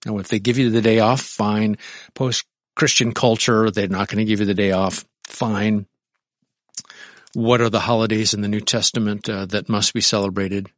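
A man preaching as a pastor, speaking conversationally and reading aloud from a book with animated asides. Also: fairly low pitch, moderate pace, no room sound.

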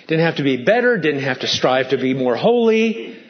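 A man preaches with fervent emphasis, driving his points home with runs of rhetorical questions and strings of intensifiers. His voice sits fairly high for a man. The recording is dull and lo-fi. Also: big pitch swings, normal speed. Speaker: pastor. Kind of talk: sermon.

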